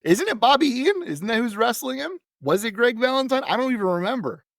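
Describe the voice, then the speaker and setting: A man's voice: very high voice, sing-song, fast talker, creaky, dry recording. Wry male podcast co-host, dry sound. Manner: dry, wry recaps with light sarcasm. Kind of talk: casual chat, recapping events.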